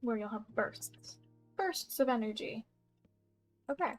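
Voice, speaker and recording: A woman's voice: on the high side, lively intonation, measured pace, soft background music. A young woman giving casual, chatty gameplay commentary at home, bubbly and giggly, trailing off mid-thought. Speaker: gaming YouTuber. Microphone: desk mic with audible keyboard.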